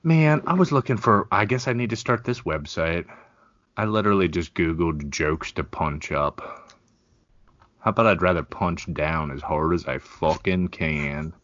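A man co-hosting a podcast in casual crude comedy chat, laughing often and joking in an animated way. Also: a bass voice, a little slow, lo-fi sound. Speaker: podcast co-host.

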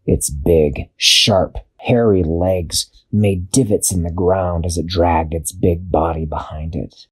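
A man narrating an improvised children's story in an expressive, drawn-out storytelling manner. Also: low-pitched, husky. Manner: expressive, drawn-out storytelling with sound-effect pauses.

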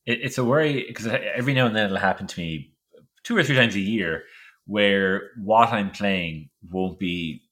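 A man hosting a podcast, talking in a quick, chatty, upbeat way. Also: on the low side, a bit bright. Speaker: podcast host. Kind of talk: casual chat.

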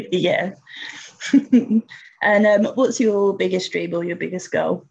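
A woman with a Luton accent interviewing an author in a relaxed, casual way, quick to laugh. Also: lowish voice, creaky, breathy edge, muffled recording. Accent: Luton English. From Luton, England.

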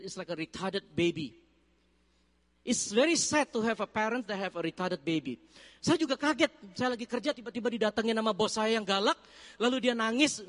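A man with an Indonesian accent preaching a sermon, telling his testimony in lively storytelling and mixing Indonesian with English. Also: high voice. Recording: reverberant hall.

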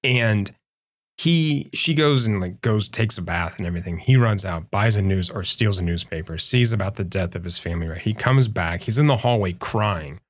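Man, lowish voice, eager, casual film podcast chat. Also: animated, normal speed. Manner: enthusiastic, retells scenes with acted quotes, keeps saying right. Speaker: podcast co-host.

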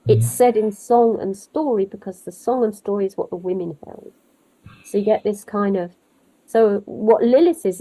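A woman storyteller chatting in an interview, wry and animated, wandering off on tangents. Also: medium pitch, poor audio. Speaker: storyteller guest. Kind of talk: conversational interview.

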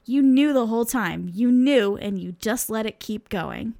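A woman's voice: a little high, animated, unhurried, gravelly, dark tone. A woman reading aloud the lines of an exasperated young man who is fed up and horrified. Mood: indignant. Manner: raised, indignant outbursts.

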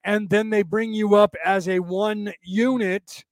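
Male podcast host, blunt spiritual monologue, high voice, dry close sound. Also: steady tone, a little slow, no room sound. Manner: opinionated, blunt, uses rhetorical questions.

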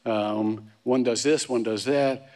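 Male pastor preaching in a church sanctuary, relaxed and anecdotal, repeats and restarts words, with a long reverb tail. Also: medium pitch, slow. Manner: conversational storytelling with frequent restarts and humorous asides. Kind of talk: sermon. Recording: long reverb of a large hall.

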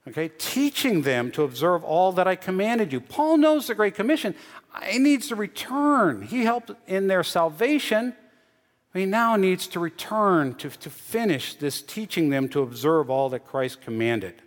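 A pastor delivers a sermon in a slightly high male voice. He teaches earnestly, often repeating or restarting a phrase before pressing on. The hall adds a long, lingering reverb. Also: expressive, measured pace.

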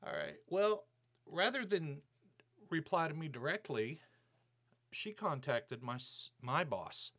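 A man's voice: a little high, sing-song, slow pace, fairly bright tone. A man hosting his own podcast, telling a workplace story in a casual, indignant, ranting way. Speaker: podcast host. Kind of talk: casual monologue.

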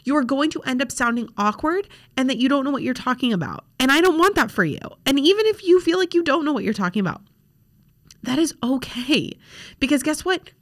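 Speaking a little fast and very animated, a young woman with a high-sitting voice hosts a podcast. As a social media coach at her laptop on a home desk, she's chatty and frank, leaning on plenty of fillers.

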